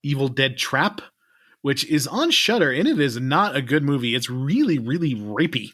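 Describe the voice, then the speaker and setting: A man's voice: mid-range voice, expressive, moderate pace, fairly bright tone, dry recording, clean studio sound. Laid-back man rambling on a podcast. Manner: rambling, laid-back, trails off at ends of lines. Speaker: podcast co-host. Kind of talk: casual chat.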